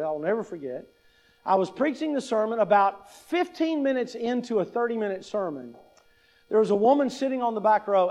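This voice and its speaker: Man in his fifties, very high voice, pastor teaching, chatty, wry. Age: 50s. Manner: conversational, asks "right?" often, wry humor. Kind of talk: teaching talk on public speaking.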